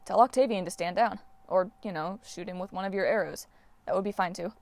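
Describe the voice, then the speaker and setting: A woman's voice: medium pitch, dry recording, close to an everyday voice. A woman reading aloud and voicing a joking, nervous teenage boy demigod with a casual way of talking. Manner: casual, joking, quick to deflect. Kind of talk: audiobook character voice.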